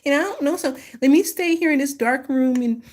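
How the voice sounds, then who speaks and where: A woman's voice: high-pitched, fairly quick, a little mellow, pitched above the performer's own voice, natural voice. A woman voicing a timid, frightened person who whines about failing, in a wimpy voice. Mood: scared whining. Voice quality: wimpy, whiny. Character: timid, scared, whiny person afraid to try.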